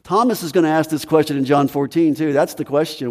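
A man preaching a sermon to his congregation in a conversational way, his pitch swinging up and down for emphasis. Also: steady tone, quick pace. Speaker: pastor. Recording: long reverb of a large hall.

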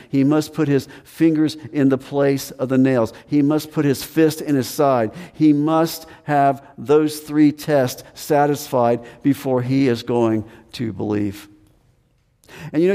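A male pastor delivers a sermon with a warm, mellow tone. His voice carries a long reverb, as if recorded in a church hall. He sometimes slips into the voices of the people in the scripture, raising his voice for them. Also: mid-range voice. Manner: acts out Thomas's lines with raised voice.

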